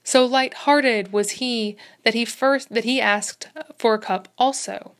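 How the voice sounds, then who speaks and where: A woman reading a classic story aloud in a steady, even narration style, sometimes correcting herself. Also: on the high side, slow. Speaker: reader.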